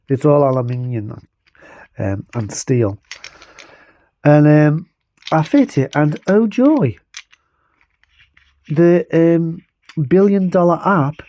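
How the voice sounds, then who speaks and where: A man's voice: mid-range voice, dark tone. A man from the UK casually demonstrating a bike tool in his vlog, rambling and self-deprecating. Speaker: bike vlogger.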